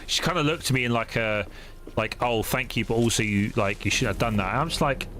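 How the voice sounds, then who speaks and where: A young man streaming a game, chatting casually with viewers in a rambling, halting way with many restarts. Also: medium pitch, fairly bright tone. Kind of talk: casual chat while gaming. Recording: noisy stream audio.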